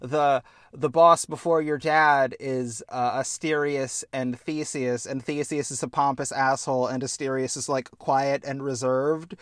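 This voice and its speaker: A man's voice: medium pitch, fairly even intonation, measured pace, a bit bright, no room sound, clean studio sound. A young man hosting a podcast, chatting casually and enthusiastically, swearing freely as he tells stories. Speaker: podcast host. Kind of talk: casual chat.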